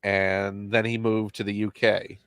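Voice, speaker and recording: A man's voice: fairly low pitch, flat delivery, a little slow, a bit bright, clean tone, no room sound. A man with a General American accent hosting a casual chat in a wry, playfully teasing way. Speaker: host.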